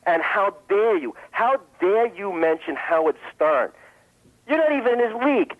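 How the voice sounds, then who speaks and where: A man's voice: high voice, expressive, normal speed. A man calling a radio show and delivering a sarcastic, scornful rant. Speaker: caller. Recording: tinny phone line.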